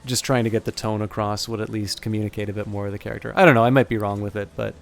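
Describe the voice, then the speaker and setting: A man narrating as game master for a tabletop game livestream, talking in a halting, self-correcting way. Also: on the low side, steady tone, vocal fry, faint music behind.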